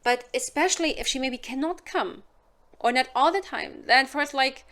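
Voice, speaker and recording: This woman has a high-pitched, fairly bright voice and speaks at a moderate pace. Originally from Germany and carrying a German accent, she works as a hypnotist and sex advisor, talking casually and candidly to camera and performing short scenes in silly voices.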